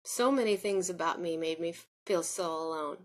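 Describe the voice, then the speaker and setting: A woman with a slightly low voice speaks to her camera about her own life. She drifts and circles back, restarting sentences and leaning on fillers. Her tone stays earnest and confiding. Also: normal speed. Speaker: vlogger. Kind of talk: personal spoken reflection.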